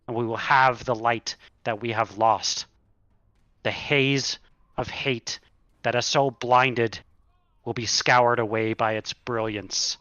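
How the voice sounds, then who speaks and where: A man's voice: mid-range voice, sharp tone, no echo, highs cut off. A man voicing Godfrey, a grieving undead knight. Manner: solemn and halting, stammers with emotion. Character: sorrowful undead male knight pleading with his lover.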